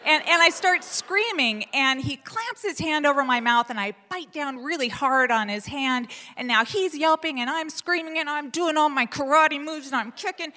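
A woman telling a personal story on stage, animated and self-deprecating, with many fillers and restarts. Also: sits high, normal speed, few pauses, in a large hall. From Portland, Oregon.

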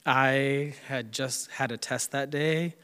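A man telling a true personal story on stage in an animated, self-mocking way. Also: mid-range voice, takes it slowly, clean tone, big-room sound.

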